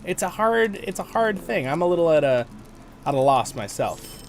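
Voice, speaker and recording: Chatty, lively male game streamer. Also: on the high side, slight background noise. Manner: chatty, playful, quick to laugh. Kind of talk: casual gameplay commentary.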